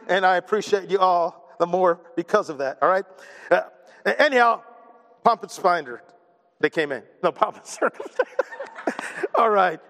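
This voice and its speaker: A man's voice: high-pitched, fairly bright tone, in a large hall. A man preaching a sermon, joking and poking fun at himself between points. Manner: joking, self-deprecating asides. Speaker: pastor.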